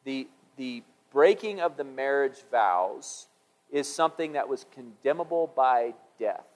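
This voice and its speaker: A middle-aged man preaching a sermon in a conversational, musing way, rising for emphasis and dropping low when quoting scripture. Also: animated, unhurried. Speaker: pastor.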